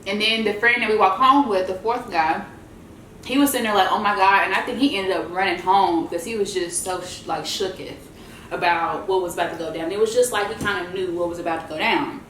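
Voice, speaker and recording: A woman's voice: mid-range voice, a little fast, echoey room, a little hiss or hum, rough recording. Chatty woman telling a story while eating. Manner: chatty, animated, addresses viewers as y'all. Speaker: vlogger.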